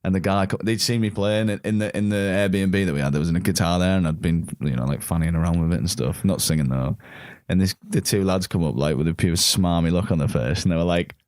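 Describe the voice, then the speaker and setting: A man with a low-pitched voice tells anecdotes at a lively clip, breaking into laughter as he goes. The sound is dry and close, with no room around it. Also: fast talker, few pauses, no echo. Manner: animated storyteller, laughs often, slangy. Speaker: podcast guest, musician. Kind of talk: casual chat, storytelling.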